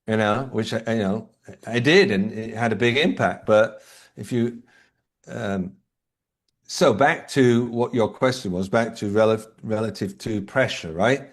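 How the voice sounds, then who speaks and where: A man's voice: on the low side, a little slow. A man talking as a leadership coach and guest in an interview, explaining his ideas through anecdotes and rhetorical questions. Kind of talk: conversational interview answers.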